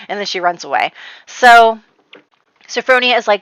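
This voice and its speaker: A woman's voice: mid-range voice, bright, forceful tone, no room sound, poor audio. A woman casually recapping her Sims story, chatty and full of "like", quoting her characters as she goes. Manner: chatty, quotes characters in quick voices, lots of "like". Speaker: Sims gameplay narrator.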